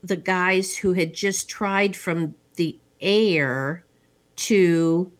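Lady rambling thru a movie recap, kinda low voice, lots of ums. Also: extremely slow. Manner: rambling storyteller with many fillers.

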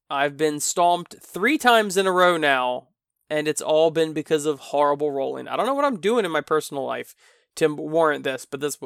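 A man hosts his podcast in a loose, rambling way, venting with exasperation and tripping over his own sentences, a little tipsy. His voice sits a touch high for a man, with a gravelly fry under a smooth, resonant tone. The recording is dry and close. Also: a bit bright, no echo. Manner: rambling, exasperated ranting with self-interruptions. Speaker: podcast host. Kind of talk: casual solo podcast chat.

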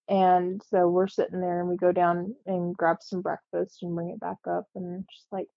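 A woman's voice: lowish voice, flat delivery, vocal fry, no echo, lo-fi sound. Earnest woman telling a personal story. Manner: earnest, halting, with frequent fillers.

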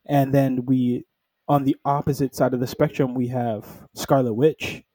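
A man with a warm, mellow voice, recorded dry and close. He chats casually about comics, sprinkling in "like" and jumping into quick acted-out quotes from the characters. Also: medium pitch, no echo, low-quality recording. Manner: animated storytelling, acting out characters in quick quoted lines; peppers speech with "like". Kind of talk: casual comic book chat.

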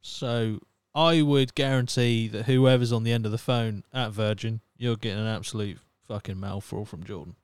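A man hosting a podcast in a relaxed, casual way, swearing now and then and talking to his listeners. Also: lowish voice, moderate pace, hardly any pauses, smooth, no echo. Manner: relaxed, swears casually, reads chat aloud. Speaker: podcast host. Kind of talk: casual chat.

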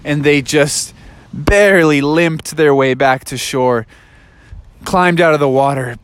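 A man improvising a story for a child, animated and full of sound effects. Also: fairly high pitch, slow pace, clean tone.

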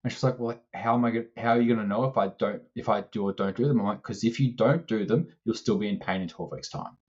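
A strength coach co-hosting a casual podcast tells an animated story, acting out both sides of the conversation and swearing now and then. His voice is fairly low and quick, and the recording has its highs cut off.

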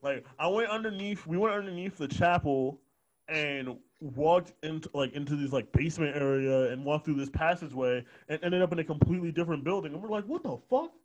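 A man's voice: fairly high pitch, brisk, lo-fi sound. A young man chatting casually on a podcast, often breaking into laughter while he tells rambling stories into a close mic. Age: young adult. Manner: laughs a lot, rambling storytelling. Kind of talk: casual chat. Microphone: close studio mic.

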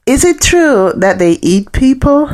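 A woman's voice: high voice, sing-song, measured pace, a little mellow, pitched above the performer's own voice. A woman with a Jamaican accent voicing a curious maintenance man who asks prying questions.

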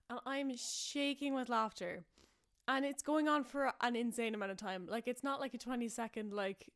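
A woman's voice: on the high side, a little fast. A young Irish woman hosting a podcast, telling stories in a chatty, self-mocking way, with lots of fillers and frequent laughs. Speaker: podcast host. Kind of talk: casual storytelling podcast.

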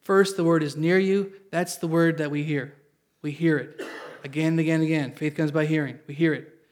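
Speaking fairly quickly in a fairly high voice with fairly even intonation, a male pastor preaches at a church service. He reads scripture aloud, explains it in plain language and calls on the congregation for an amen.

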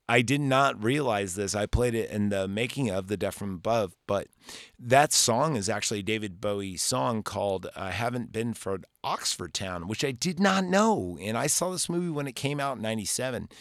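A man's voice: lowish voice, moderate pace, fairly bright tone, no echo, clean studio sound. A man in his forties hosting a podcast, giving a casual, rambling movie recap with lots of swearing and filler words. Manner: rambling and profane, full of fillers. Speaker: podcast host.

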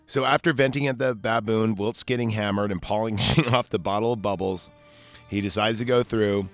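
A man's voice: on the low side, steady tone, moderate pace, no echo, soft background music. A man hosting a solo podcast, recapping a film in a casual, rambling, profane way. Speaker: podcast host.

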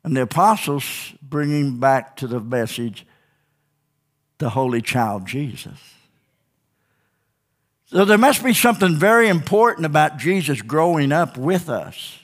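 A man preaching a sermon as a pastor in church, fervent and folksy, with call-and-response "Amen?" and sudden shouts. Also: a little high, expressive, unhurried, long pauses. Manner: old-fashioned, down-home speech.

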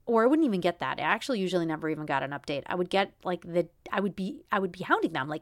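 A woman's voice: lowish voice, expressive, fast, hardly any pauses, no echo, studio quality. A woman in her thirties hosting a solo podcast, venting in a frustrated way with many restarts. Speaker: podcast host.

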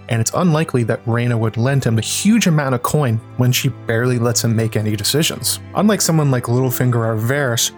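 Male narrator, analytical scripted explainer, light music under. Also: mid-range voice. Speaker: lore video narrator.

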